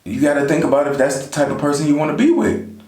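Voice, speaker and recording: Here the man sounds a little high and a little mellow, animated and talking fast. He chats to camera with casual life advice for his viewers, leaning on "you know" often, in a room with noticeable echo.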